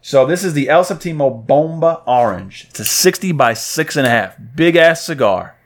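A man's voice: a little high, expressive, normal speed. Laid-back man chatting. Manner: laid-back, swears casually. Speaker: podcast co-host. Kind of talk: casual chat.

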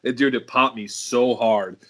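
A man's voice: mid-range voice, steady tone, unhurried, fairly bright tone. A middle-aged man and professional wrestler telling rambling, profanity-laced road stories in casual podcast chat.

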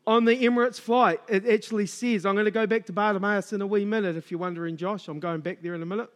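A middle-aged man preaches a sermon in a notably high voice. He tells his story vividly and voices the other people in it. Then he builds to loud, fervent exhortation. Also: fairly even intonation, fast. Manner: storytelling, acts out dialogue, rising to loud exhortation.

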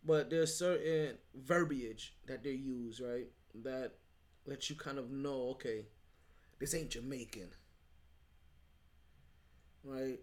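The solo host of a sports podcast speaks slowly at medium pitch, pausing often, his voice a little mellow. He keeps things casual yet emphatic, rambling, restarting, and frequently asking "right?"

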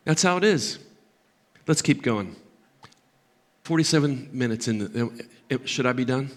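An older man preaching a sermon as pastor, impassioned, swinging from loud emphatic peaks down to low, quiet asides. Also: expressive, moderate pace.

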